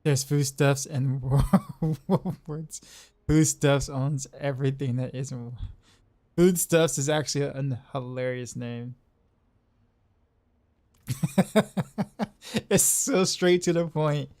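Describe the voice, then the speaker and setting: A man's voice: mid-range voice, slow, long pauses, darkish tone. Laughing man streamer. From Southeastern United States. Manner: chatty, laughs often, repeats words. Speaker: game streamer. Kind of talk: casual chat while gaming.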